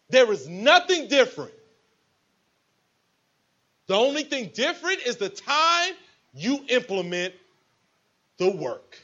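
A man's voice: very high-pitched, bright, forceful tone, highs cut off. A man giving a preachy motivational speech to a live audience, acting out little scenes with quoted voices. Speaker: motivational speaker at a business event.

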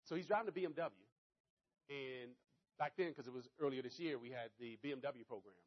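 A man's voice: mid-range voice, fairly quick. A man giving a motivational sales talk to an audience, telling stories animatedly, repeating catchphrases and coaching his listeners directly. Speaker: network marketing speaker. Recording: dull lo-fi recording.

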